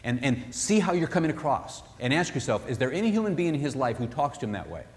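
A man giving a sermon-style talk on marriage, animated, acting out what spouses say. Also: medium pitch, quick pace, long reverb tail. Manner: animated, acts out spouses' voices. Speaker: marriage speaker.

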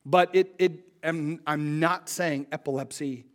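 A pastor with a high voice works through a scripture passage in a relaxed teaching sermon. He reads the verses, then explains them in plain, conversational talk and puts questions to his listeners. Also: a little slow. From United States.

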